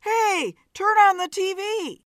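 A woman voicing an excited man who bursts into a bar, shouting and breathless. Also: very high-pitched, takes it slowly, no echo, studio quality, pitched above the performer's own voice, heavily acted. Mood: frantic.

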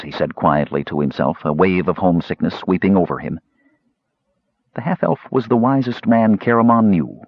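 A man narrating a fantasy audiobook with a very deep, husky voice. His pitch moves expressively, and the recording is dry and a little muffled. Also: normal speed, dry recording. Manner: expressive, changing voices for characters.

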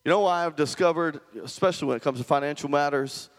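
A man's voice: on the high side, fast, in a large hall. A male pastor preaching a conversational sermon and often asking the congregation questions.

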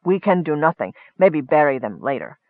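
A man's voice: on the high side, sing-song, moderate pace, dry recording. A man voicing a sly male goblin who speaks in broken, knowing sentences, heard over a tinny phone-like line.

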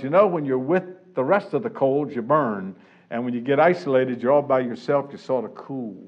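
A man preaching an expository sermon, who slows down and stresses key words for emphasis. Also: medium pitch. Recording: dull lo-fi recording.

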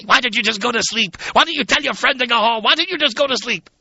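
An enraged young woman roommate , as a male radio host mimics her, shrieks her complaints in a high, piercing voice with an Eastern European accent. The sound is dull and lo-fi, like an old radio broadcast. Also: fast talker, creaky, sharp tone, husky, heavily acted. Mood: screaming, indignant. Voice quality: shrill screaming. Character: angry young foreign woman roommate, shrill and furious.

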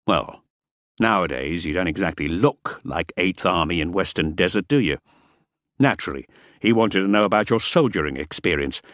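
A man's voice: sits low, animated, normal speed, a bit bright, no room sound, studio quality. A man voicing an impatient, domineering French ex-soldier who talks curtly and irritably. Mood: angry.

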